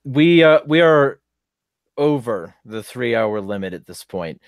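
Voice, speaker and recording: A man's voice: mid-range voice, expressive, a little slow, gravelly, no echo. A man hosting a casual podcast discussion, arguing bluntly with his guests. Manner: argumentative, blunt. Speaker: podcast host.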